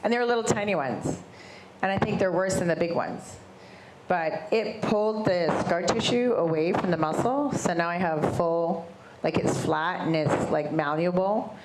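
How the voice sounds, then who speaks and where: Middle-aged woman, interview guest, lively storyteller who acts out quoted voices, low voice with faint background noise. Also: moderate pace. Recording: roomy echo with faint ambient noise.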